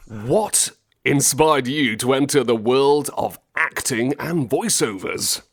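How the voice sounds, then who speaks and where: A man's voice: medium pitch, slow pace, no room sound, studio quality. A man hosting an interview, upbeat and friendly with scripted introductions. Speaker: interview host.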